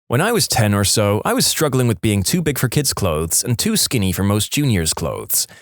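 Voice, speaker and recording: A male podcast narrator reads internet stories aloud in an expressive, storytelling way. His pitch rises and falls a lot. The recording is dry and close, with no room sound. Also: moderate pace, dry recording.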